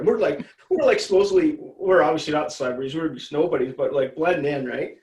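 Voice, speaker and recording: Man, podcast guest, casual rambling storyteller, swears a lot, fairly high voice, echoey room. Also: moderate pace, darkish tone. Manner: rambling, profane, laughs through stories. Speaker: interview guest.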